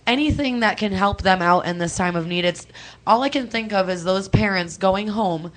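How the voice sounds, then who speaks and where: A young woman, chatting on a call-in show, animated and quick to laugh, emotional and close to tears at times. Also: medium pitch, a little hiss or hum. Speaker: co-host. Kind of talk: casual radio chat.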